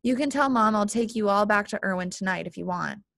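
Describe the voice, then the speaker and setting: A woman reading as a quiet, earnest father. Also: fairly quick, creaky, dry recording, studio quality. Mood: gentle. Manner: low, calm, earnest.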